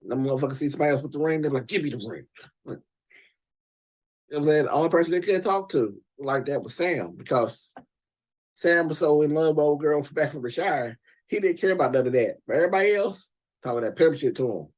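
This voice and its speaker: Husky, ranting reaction host. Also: male voice, fairly high pitch, quick pace. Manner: profane, emphatic, animated ranting. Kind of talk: casual movie reaction commentary.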